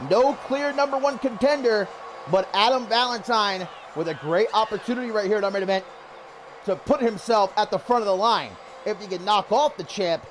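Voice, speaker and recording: High-voiced man shouting wrestling commentary. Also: moderate pace, a little hiss or hum. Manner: shouting over the action, loud and animated.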